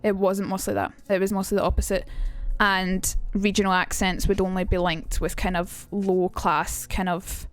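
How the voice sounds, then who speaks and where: A woman's voice: mid-range voice, flat delivery, moderate pace, few pauses, faint music behind. A young woman with a Glaswegian Scottish accent, streaming a casual lesson, chatty and sweary and reading out her chat. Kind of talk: casual live-stream teaching.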